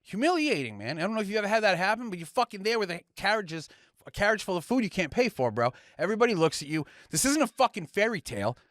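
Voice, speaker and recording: A man's voice: high voice, sing-song, quick pace, fairly bright tone, dry recording, clean studio sound. A man, co-hosting a podcast, ranting heatedly and swearing a lot as he tells a story. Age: young adult. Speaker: podcast co-host. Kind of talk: casual ranting chat.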